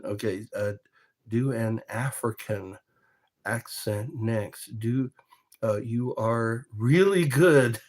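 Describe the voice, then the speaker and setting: A man telling rambling, casual stories in a vlog, often chuckling and breaking off mid-sentence. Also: lowish voice. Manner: rambling, chuckling, self-interrupting. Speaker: vlogger. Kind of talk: casual storytelling monologue.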